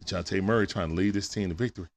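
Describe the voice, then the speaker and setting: A man with a low voice talks very fast as he calls a game play-by-play on a live stream from home at night. He's casual and excitable, dropping into hushed asides and then breaking into sudden shouts.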